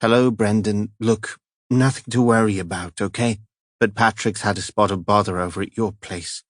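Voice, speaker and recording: A man voicing a calm woman leaving a reassuring voicemail in an audiobook. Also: fairly low pitch, moderate pace, dry recording, studio quality, close to an everyday voice. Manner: soothing, reassuring. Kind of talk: audiobook character voice.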